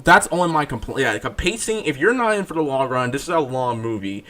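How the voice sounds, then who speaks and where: A man hosting a casual movie review chat, animated and insistent, often repeating himself. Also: mid-range voice, quick pace. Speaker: movie review podcast host.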